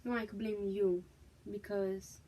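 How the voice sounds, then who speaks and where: A woman's voice: mid-range voice, level tone, measured pace, warm tone, rough recording. A young woman from Massachusetts, frank and emphatic, telling her personal story to her viewers in a casual vlog. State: pregnant, expecting a child. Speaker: vlogger.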